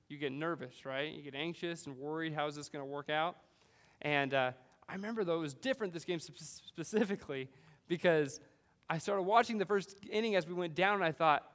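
A man from California preaching a sermon, animated storytelling with frequent "right?" asides. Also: fairly high pitch, clear, resonant tone, in a large hall. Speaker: pastor.

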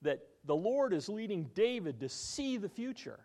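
Male pastor, slightly high, very expressive delivery, sermon with storytelling and audience questions. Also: normal speed. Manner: animated storytelling, quizzing the congregation.

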